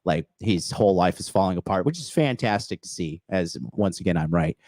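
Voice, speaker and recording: A man's voice: low voice, lively intonation, fairly quick, darkish tone, no room sound. Blunt, profane man lecturing. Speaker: dating coach host. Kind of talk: call-in show advice.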